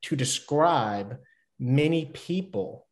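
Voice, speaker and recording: A baseball player from Atlanta, Georgia, appears as a guest on a podcast, speaking with a Southern US accent. His voice is a little high, expressive, and slow, and he chats casually in a rambling way, laughing at himself.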